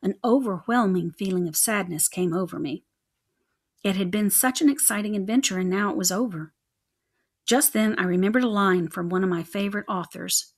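A woman's voice: medium pitch, moderate pace. Woman reading a children's storybook aloud. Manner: lively, expressive storytelling. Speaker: audiobook narrator.

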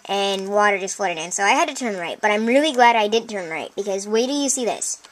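A woman commenting on her own video game play, chatty and easily excited, often breaking into exclamations and talking straight to her viewers. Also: medium pitch, a little fast. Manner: chatty, addresses viewers directly. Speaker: let's play host. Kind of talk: gameplay commentary.

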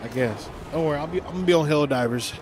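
A man's voice: on the high side, racing, noisy background. A young man streaming a shooter game, chatting casually, joking, cursing and laughing a lot as he plays. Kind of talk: casual live-stream commentary.

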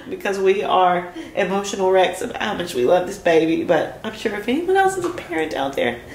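Gushing, gravelly-voiced new mother. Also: mid-range voice, lively intonation, a little fast, echoey room, a little hiss or hum. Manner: gushing, giggly, overcome with emotion. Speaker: new mother vlogging her birth. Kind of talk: casual vlog. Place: hospital room.

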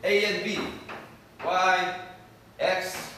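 A male professor lectures in short, halting phrases, often pausing to check in with the class. His voice sits a little high and moves unhurriedly. He is picked up from a distance in a very echoey room with faint background noise. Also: flat delivery, pushed and bright. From South Korea. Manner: halting, repetitive phrasing with frequent "okay?" checks. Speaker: university professor.

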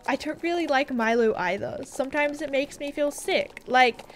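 A woman's voice: high voice, moderate pace, faint music behind. Chatty young Australian woman streaming a game. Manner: chatty, rambling, giggly, reads viewer comments aloud. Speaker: livestreamer. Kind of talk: casual livestream chat while gaming.

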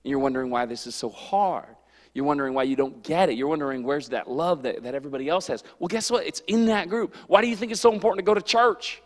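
Youth pastor, male, high-pitched, lively storyteller, echoing church hall. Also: fast. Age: adult. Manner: animated, storytelling with acted-out quotes. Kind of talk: youth sermon. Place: church sanctuary.

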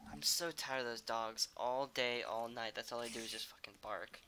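A man's voice: medium pitch, fairly even intonation, normal speed, sharp tone, a little hiss or hum. Irritable young man streaming a game. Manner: irritable, swearing, sudden angry outbursts. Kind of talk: casual gameplay streaming. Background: keyboard typing and mouse clicks.

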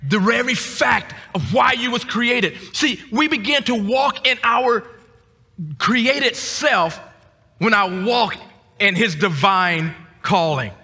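High-voiced man preaching in a reverberant church. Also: slow pace, breathy edge. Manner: climbs to high emphatic shouts, repeats words. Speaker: guest preacher. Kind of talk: sermon. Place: church sanctuary.

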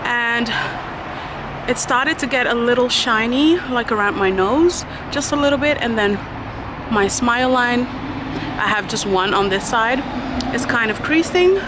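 Woman vlogger talking casually to her viewers, kinda high voice, chatty and relaxed. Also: measured pace, noisy background. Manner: chatty, informal, addresses viewers as guys. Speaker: beauty vlogger. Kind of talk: casual chat to camera.

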